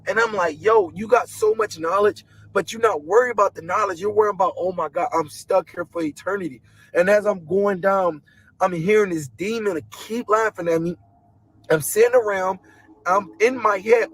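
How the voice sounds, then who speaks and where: A man's voice: slight background noise, rough recording. Earnest man telling a dramatic testimony. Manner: earnest and dramatic, imitating booming noises. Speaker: guest telling a personal testimony. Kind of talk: emotional personal storytelling.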